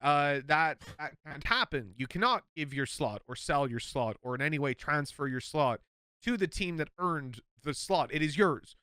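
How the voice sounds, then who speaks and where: A man's voice: on the high side, animated, moderate pace, pushed and bright, clean tone, no echo, studio quality. An Irish man, an esports caster, talking bluntly and emphatically in casual podcast chat, swearing freely.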